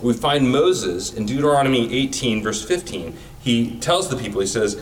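A man's voice: medium pitch, animated, normal speed, far from the mic, a little hiss or hum, low-quality recording. A man giving a sermon in a casual, conversational way, using everyday comparisons. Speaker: preacher.

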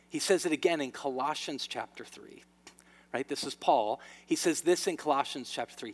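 A man preaching a sermon to his church, swinging between loud emphasis and hushed lines. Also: on the high side, expressive, normal speed. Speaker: pastor. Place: church sanctuary. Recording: long reverb of a large hall.

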